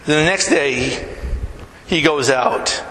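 A man's voice: a little high, takes it slowly, background noise. A man preaching a sermon as a pastor, telling stories animatedly and acting out the people in them. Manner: animated storyteller who acts out quotes. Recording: echoey hall, faint ambience.

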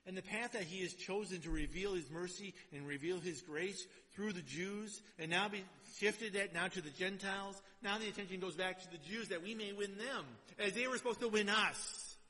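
A man preaching a sermon and reading scripture aloud, swinging between loud exhortation and quiet, low asides, in a church. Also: normal speed, hardly any pauses. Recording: long hall reverb.

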